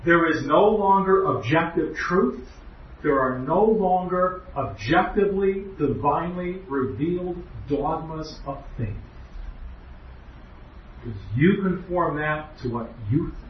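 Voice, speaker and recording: A man's voice: on the high side, animated, slow, slight background noise. A man giving an earnest, emphatic doctrinal lecture as a preacher, with rhetorical questions. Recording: echoey hall, distant, muffled.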